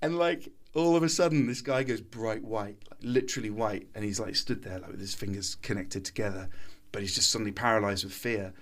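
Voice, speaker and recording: A man's voice: lowish voice, a little fast. A man in his thirties, a podcast guest, telling a story casually and animatedly, laughing often.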